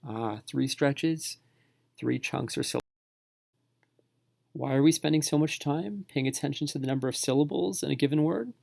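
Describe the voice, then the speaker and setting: A male teacher narrating a spelling tutorial for parents and students, speaking slowly and sounding words out syllable by syllable. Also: a little high, darkish tone, no room sound, clean studio sound. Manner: slow, clearly enunciated, sounding words out.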